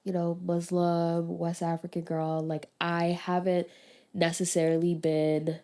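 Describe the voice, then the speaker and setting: A woman's voice: fairly low pitch, monotone, measured pace, dark tone. A young woman hosting a podcast, talking in an earnest, reflective way with plenty of fillers. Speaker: podcast host. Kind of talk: casual chat.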